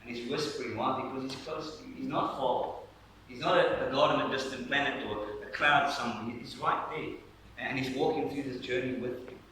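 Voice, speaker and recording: A man preaches a sermon, acting out the story and sinking to a hush to make his points. His voice is bright and forceful. It reaches the mic from a distance through a very reverberant church, with faint noise underneath. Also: medium pitch, moderate pace. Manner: animated storytelling preacher, acting out scenes, dropping to a hush for emphasis. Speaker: pastor.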